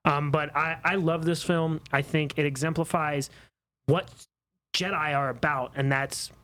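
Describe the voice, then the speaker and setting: A man's voice: fairly high pitch, steady tone, a little slow, fairly bright tone. A man co-hosting a casual podcast, talking with passion and pushing back on opposing views. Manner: passionate, argumentative. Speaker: podcast co-host. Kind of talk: casual chat.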